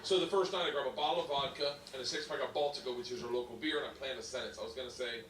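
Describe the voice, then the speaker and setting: A stand-up comedian in his forties tells a rowdy story, laughing and bellowing his punchlines in a mid-range voice at a slightly fast pace. The clip is played back from far off in an echoey room, with background noise.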